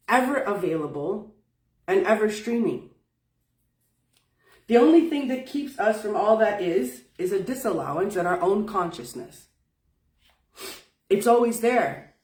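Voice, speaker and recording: A woman's voice: mid-range voice, a little mellow, distant mic. A woman teaching spiritual wellness in casual talk, folksy and emphatic, swearing freely. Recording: roomy sound from off-mic.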